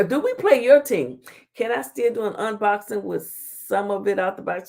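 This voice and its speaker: A woman's voice: mid-range voice, animated, unhurried, creaky, a little mellow. A woman hosting a casual live-stream talk show, reading comments aloud and trash-talking with a playful laugh. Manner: playful trash-talking, laughing, Southern slang like "child" and "honey".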